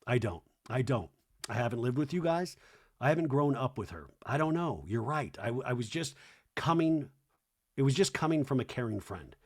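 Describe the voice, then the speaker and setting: A man voicing an earnest, caring woman friend in a soft, low-key way. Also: big pitch swings, moderate pace. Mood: sincere.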